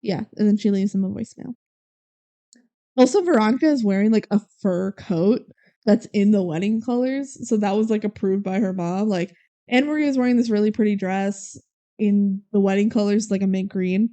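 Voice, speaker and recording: A woman's voice: mid-range voice, moderate pace, warm tone. A young woman co-hosting a podcast, casually recapping a movie and acting out the characters' lines. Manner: retells scenes with quoted character lines, frequent "like" and "um". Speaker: podcast co-host.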